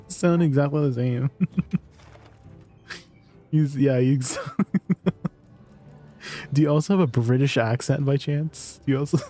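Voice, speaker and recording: A man's voice: medium pitch, slow pace, long pauses, dark tone, faint music behind. A man chatting casually to viewers on a live game stream, laughing often and joking around.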